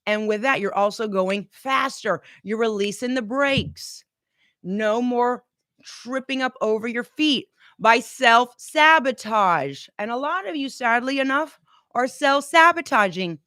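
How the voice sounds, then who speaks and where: A woman in her forties giving an energetic motivational pep talk as coach and host, urging listeners to repeat affirmations after her. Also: on the high side, a little slow, dry recording, clean studio sound. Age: 40s. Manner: energetic, exhorting, call-and-response.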